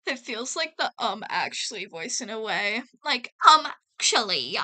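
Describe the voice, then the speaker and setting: A woman with a high, bright voice talks unhurriedly through a gameplay session. She is chatty and giggly and keeps addressing her chat. Faint game music plays behind her. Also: very animated, takes it slowly. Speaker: let's play gamer. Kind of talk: casual gameplay commentary.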